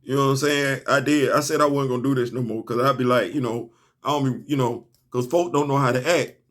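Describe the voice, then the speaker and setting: A young man, excitedly reviewing a comic in a casual, slangy monologue, laughing and stumbling over restarts. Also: medium pitch, a little fast.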